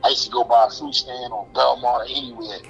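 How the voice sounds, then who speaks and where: A Brooklyn man in his forties with a New York accent tells life stories as an interview guest, using loose street slang, restarting often and acting out quoted voices. His medium-pitched voice is flat, fast and creaky, and the recording is muffled.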